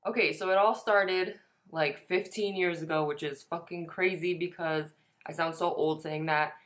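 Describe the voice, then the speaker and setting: A woman's voice: lowish voice, steady tone, moderate pace. A woman in her twenties telling a personal story in a casual, chatty way, swearing now and then and saying "like" a lot. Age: 20s. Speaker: vlogger.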